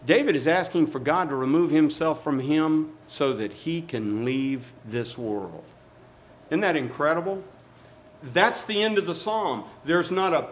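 A man preaching a sermon, swinging from soft and low to loud and high. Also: expressive, normal speed.

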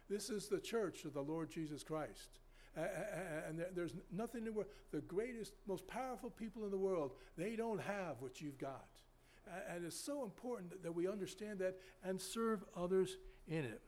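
Man, pastor, sermon, fairly high voice, folksy, rambling, loud sudden emphasis.

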